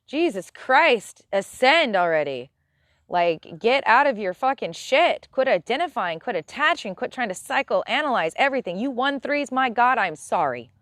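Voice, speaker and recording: Woman host, higher voice, blunt and profane, casual ranting delivery, dry close sound. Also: fairly bright tone, no echo. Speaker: live stream host. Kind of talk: casual spiritual rant.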